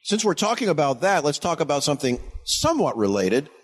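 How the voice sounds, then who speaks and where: A man's voice: a little high, very animated, brisk, slightly rough. A man co-hosting a casual podcast, chiming in with short, wry remarks. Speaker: podcast co-host. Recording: long hall reverb.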